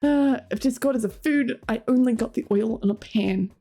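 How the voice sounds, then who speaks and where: A woman's voice: fairly high pitch, normal speed, few pauses, mellow. A young Australian woman streaming, chatting casually with her viewers and reading chat aloud, laughing often. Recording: faint music behind.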